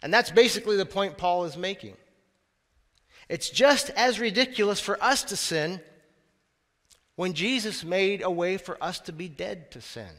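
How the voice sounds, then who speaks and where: Male pastor, high voice, talky sermon delivery, church reverb. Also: normal speed, a bit bright. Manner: conversational preaching with asides. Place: church sanctuary.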